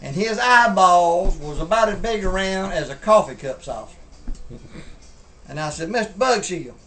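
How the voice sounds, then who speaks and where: Guy telling a campfire yarn, kinda high voice, drawls and chuckles along, faint music under it. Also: animated, unhurried, a bit bright. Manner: drawling, colloquial, laughs through his telling. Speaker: storyteller. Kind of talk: folksy campfire storytelling.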